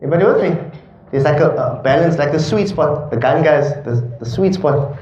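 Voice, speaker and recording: A man's voice: a little high, fairly quick, darkish tone. A man teaching a class on Quran recitation rules, often checking whether the students follow him. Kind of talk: classroom tajweed lesson. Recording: dull echoey classroom recording.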